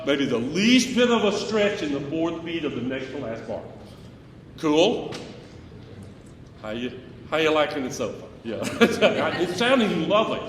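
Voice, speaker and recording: A man's voice: a little high, sing-song, a little slow, long pauses, slight background noise. A man leading a choir rehearsal, joking and fussing as he sings short phrases to show the singers what he wants. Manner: jokey, fussy, sings short phrases to demonstrate. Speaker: choir director. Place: rehearsal room or hall. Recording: echoey hall, faint choir music.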